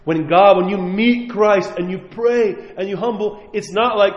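A man's voice: sits high, normal speed, few pauses. A man preaching a sermon as a priest, earnest and pleading, with a chuckle now and then. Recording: muffled echoey hall recording.

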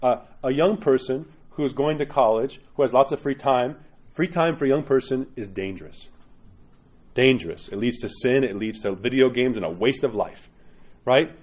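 A man preaches as an Orthodox priest in an informal, conversational way, often checking in with his listeners. His voice sits at a middle pitch. The recording sounds a little dull and muffled. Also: moderate pace, darkish tone. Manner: conversational and direct, many tag questions, acts out quoted parishioners. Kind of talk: informal homily to a congregation.

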